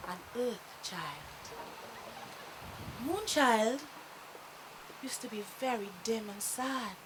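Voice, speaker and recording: A woman telling a children's bedtime story in a gentle, expressive way. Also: on the high side, noisy background.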